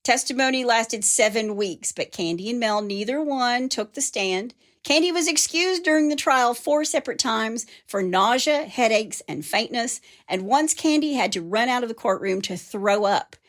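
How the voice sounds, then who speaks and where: A woman's voice: fairly high pitch, animated, moderate pace, hardly any pauses. A woman hosting a podcast, telling a true-crime story in a casual way and reading out quotes with teasing asides. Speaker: podcast host.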